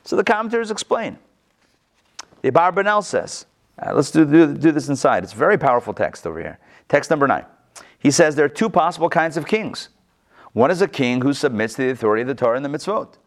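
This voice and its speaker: A man leads a Torah text-study class in a conversational style, putting rhetorical questions to the group. He is very animated and fast, swinging his pitch up and down for emphasis.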